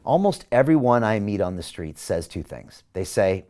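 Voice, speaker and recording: A man's voice: lowish voice, sing-song, moderate pace, mellow. A man running for mayor who hosts a show, giving an emphatic campaign address to viewers, firing off rhetorical questions and reading out their comments. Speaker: mayoral candidate and show host.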